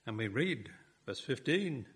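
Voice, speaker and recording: A man's voice: mid-range voice, big pitch swings, unhurried, fairly bright tone, breathy edge. A man preaching a sermon, building his points with rhetorical questions and emphatic repetition.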